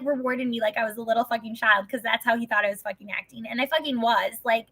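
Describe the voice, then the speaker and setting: A woman's voice: a little high, steady tone, fast talker, few pauses, pushed and bright. A young adult woman in casual, rambling chat, swearing often and saying "like" constantly. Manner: rambling, profane, heavy filler "like". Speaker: vlogger.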